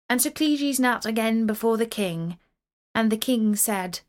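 A woman reading a medieval tale aloud in a steady, clear storytelling voice. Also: fairly high pitch, unhurried.

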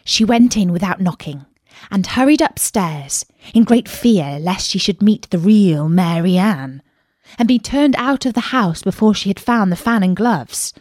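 A woman reading a children's story aloud in a lively, expressive way. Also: medium pitch, normal speed, dry recording, studio quality.

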